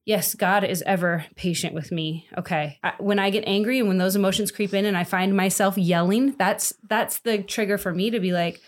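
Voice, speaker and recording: A woman's voice: mid-range voice, fairly even intonation, moderate pace, hardly any pauses. A young adult woman talking earnestly in a casual faith podcast chat, rambling and restarting her sentences. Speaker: podcast co-host.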